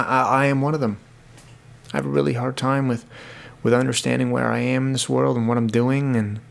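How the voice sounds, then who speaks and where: In this casual solo podcast monologue, a young male host talks by himself with a mid-range voice and vocal fry. He's earnest and rambling, frequently restarting and repeating words.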